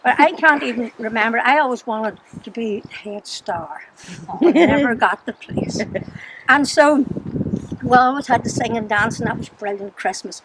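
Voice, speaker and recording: Older Northern Irish woman, high voice, chatty storyteller, noisy recording. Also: moderate pace. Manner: chatty storyteller, laughs often. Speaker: storyteller to children. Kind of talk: recounting childhood memories. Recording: noisy background.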